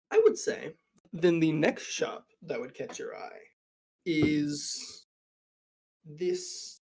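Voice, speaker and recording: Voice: mid-range voice, a little mellow. A game master narrating a tabletop game, improvising with frequent fillers.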